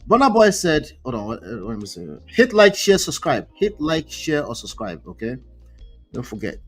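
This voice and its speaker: A man's voice: a little high, big pitch swings, moderate pace, fairly bright tone, breathy edge, faint music behind. A man hosting a casual live stream, reading posts aloud and reacting with chatty asides. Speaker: relationship commentary host.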